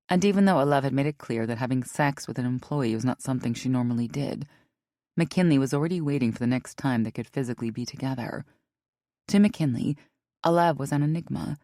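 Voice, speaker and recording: A woman narrating an audiobook in a measured, even way. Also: deep voice, dry recording, studio quality.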